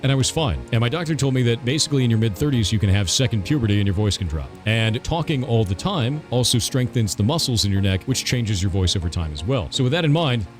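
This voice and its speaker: A man's voice: mid-range voice, lively intonation, fast talker, few pauses, soft background music. A man in his thirties talking casually on a stream, telling a rambling, profane story. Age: 30s.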